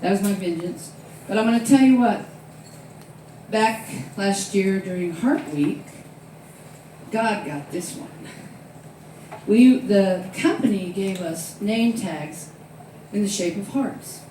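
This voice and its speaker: A woman's voice: mid-range voice, slow pace, distant mic, slight background noise. A woman in her sixties with a drawl works a comedy club stage, acting out the quotes in her stories. The sound is very echoey, and she seems a bit away from the mic. A faint room murmur hangs behind her. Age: 60s. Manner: animated storytelling with loud acted-out quotes. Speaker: stand-up comedian. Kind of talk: stand-up comedy set.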